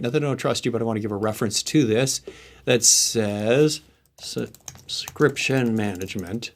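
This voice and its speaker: A man hosting a live tech stream, thinking aloud and muttering asides as he works through questions, with hiccups. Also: mid-range voice. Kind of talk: casual screen-share tech walkthrough.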